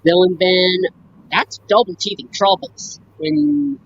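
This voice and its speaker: A woman chatting casually on a live stream, slowly listing book scenes and quoting lines. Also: mid-range voice, lively intonation, slightly rough, highs cut off. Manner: slow, halting, lists scenes and quotes lines. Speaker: fan sharing a book collection.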